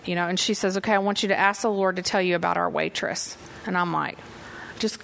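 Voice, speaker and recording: A woman's voice: mid-range voice, creaky, a bit bright. A middle-aged woman giving a sermon in a conversational storytelling way, acting out her own reactions. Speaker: women's ministry leader preaching.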